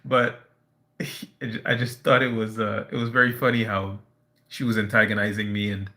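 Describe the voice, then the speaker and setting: Man, somewhat low voice, halting, lots of ums and restarts, casual live-stream storytelling. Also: level tone, bright, forceful tone. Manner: hesitant, halting with many fillers and restarts.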